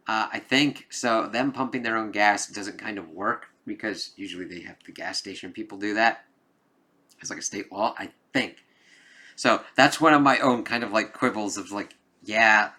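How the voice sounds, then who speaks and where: With a lowish voice and sharp tone, a man delivers an offhand spoken review of a movie. The film reviewer wanders loosely, leaning on fillers like "like" and "kind of," and now and then swears for emphasis.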